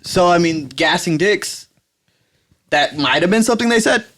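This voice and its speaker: Young male podcast co-host, high lively voice, rowdy laughing chat. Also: moderate pace. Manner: loud, laughing, animated banter. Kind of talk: casual chat.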